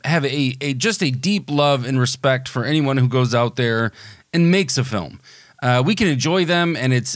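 A man's voice: medium pitch, dry recording, clean studio sound. An American man hosting a movie podcast, talking in a rambling, enthusiastic way with many fillers and restarts. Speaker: podcast host. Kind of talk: casual podcast interview.

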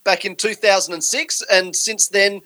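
Australian male guest, high bright voice, laid-back and joking. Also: moderate pace, rough recording. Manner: relaxed, joking, says "uh" often. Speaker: filmmaker guest. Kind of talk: casual interview answers.

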